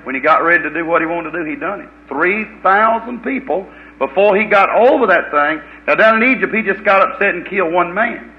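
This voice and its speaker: A man preaching a fiery, folksy revival sermon, swinging from loud preaching to low muttered asides. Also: a little fast. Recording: dull lo-fi old recording.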